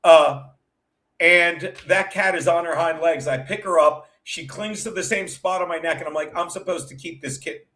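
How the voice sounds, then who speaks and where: A man with a slightly high, pushed, bright voice hosts a show as a comedian, speaking at a moderate pace. He tells rambling stories in a casual, profane, chatty way.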